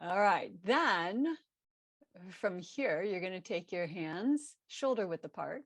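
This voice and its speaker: A woman teaching a live online yoga class, giving calm, steady cues over a video call. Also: on the low side, slow, dry recording. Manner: calm cueing with self-correcting laughs.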